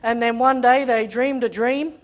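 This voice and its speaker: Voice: mid-range voice, steady tone, moderate pace. A preacher giving a sermon, reading scripture aloud and retelling it in casual everyday words, stressing points by repeating phrases.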